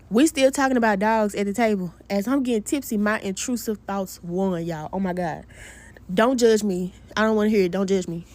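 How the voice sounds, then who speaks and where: A woman telling a dating story to her viewers in a casual storytime vlog, animated and laughing as she talks straight to them. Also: medium pitch.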